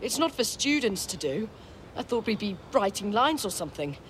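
A man's voice: high-pitched, very animated, normal speed, fairly bright tone, a little hiss or hum, voice pushed up. A man reading a book aloud and voicing a spoiled, snobbish schoolboy who whines and complains. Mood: whiny. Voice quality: haughty, whiny.

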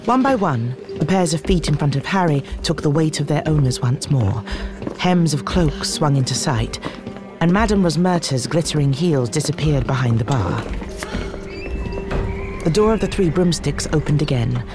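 A narrator reading scripted story narration in a measured way. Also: mid-range voice, lively intonation, music in the background.

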